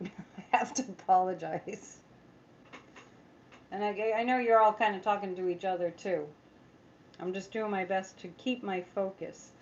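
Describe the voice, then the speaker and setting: A woman's voice: mid-range voice, steady tone, unhurried, pauses often, darkish tone, highs cut off, slight background noise. A woman psychic chatting casually on a livestream, rambling, reading viewer comments aloud and making sarcastic asides. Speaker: psychic tarot reader.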